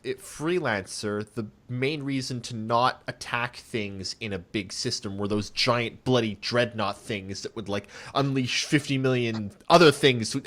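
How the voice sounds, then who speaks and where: Casual man hosting a podcast. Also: on the low side. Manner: relaxed, reads out listener questions. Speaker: podcast host. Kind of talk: casual chat. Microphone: online voice call.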